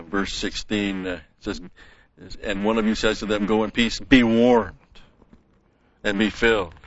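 A man with a lowish, forceful voice delivers a methodical verse-by-verse Bible lesson, stopping to explain grammar. The sound is dry and close, with a slightly dull, lo-fi quality. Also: no echo. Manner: methodical, explains Greek grammar, frequent "okay?" and "uh". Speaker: Bible teacher.

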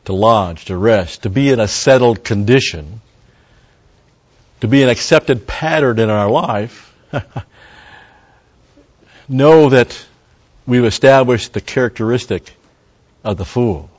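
Speaking slowly in a mid-range voice and pausing often, a male Bible teacher works through a sermon verse by verse. His manner is conversational as he stops for Hebrew word study and makes wry remarks to the congregation. The high frequencies are cut off.

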